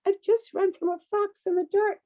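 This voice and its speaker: A woman voicing a tiny, weary male mouse in a picture-book reading, in a high squeaky voice. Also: level tone, moderate pace, dark tone. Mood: pleading.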